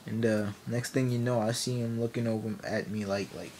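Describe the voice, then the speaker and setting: A male vlogger with a lowish voice tells a comic story at a brisk, steady clip, rambling, laughing, and often cutting himself off mid-sentence. The background is noisy.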